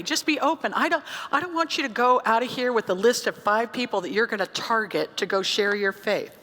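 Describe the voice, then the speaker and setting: A woman pastor preaching a sermon, telling a story in a conversational, animated way. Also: fairly high pitch. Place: church sanctuary. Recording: church hall reverb.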